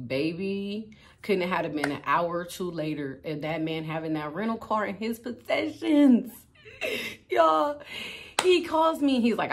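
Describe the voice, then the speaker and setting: A young woman, telling a storytime to her viewers in a casual, slangy, animated way, laughing and acting out what people said. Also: medium pitch, moderate pace. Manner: animated, slangy, acts out quotes, laughs often. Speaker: storytime vlogger.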